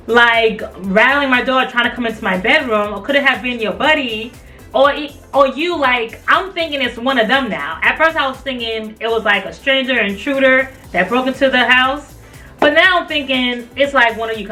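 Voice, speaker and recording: A woman in her twenties telling a personal story in casual chat, animated and full of filler likes, acting out the voices she quotes. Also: fairly high pitch. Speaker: vlogger. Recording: voice a bit far from the mic, faint music behind.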